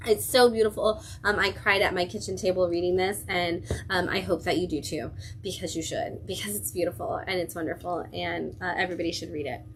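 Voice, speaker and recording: A woman's voice: on the low side, fairly even intonation, brisk, few pauses, a little hiss or hum. Chatty woman hosting a comic livestream. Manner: enthusiastic, gushing, chatty with many fillers. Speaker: comic shop livestream host. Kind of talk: casual livestream review. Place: comic shop.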